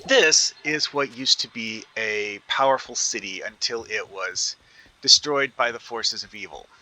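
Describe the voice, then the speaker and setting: A gaming video creator talks casually while playing a video game, rambling and thinking aloud with lots of fillers and restarts. His medium-pitched voice is bright and forceful, and he takes his time.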